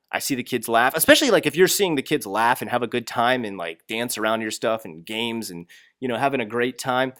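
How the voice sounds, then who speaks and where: A young man with a lowish voice rants bluntly in a casual advice vlog, swearing freely as he talks through his workplace troubles. His voice is recorded close and dry, with no room sound around it. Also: fairly bright tone, no room sound. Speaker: English teacher in Japan.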